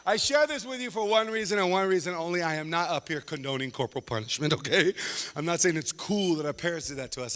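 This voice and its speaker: A high-voiced man performs stand-up, his pitch leaping all over as he acts out relatives and audience members. His tone is bright and forceful, carried by a long hall reverb. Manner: animated, acts out family members in quick voices. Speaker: stand-up comedian. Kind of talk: stand-up comedy set. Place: large hall before a live audience.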